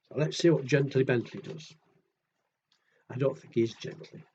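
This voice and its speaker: A man reading picture books aloud to children in a gentle, chatty way, often asking the listener questions. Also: medium pitch, very animated, a little slow, dull audio, a little hiss or hum. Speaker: children's storyteller.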